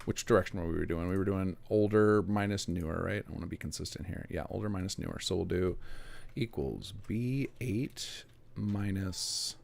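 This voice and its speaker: A man's voice: low voice, normal speed, vocal fry, a little mellow. A man streaming live as he works, thinking aloud and muttering to himself as he checks numbers. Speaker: game mod developer streaming. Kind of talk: live-streamed work commentary.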